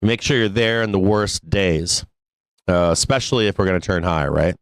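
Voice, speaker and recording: With a deep voice and moderate pace, the host of a live stock trading show rambles through casual live-stream chatter, swearing liberally and laughing a lot. The recording is dry.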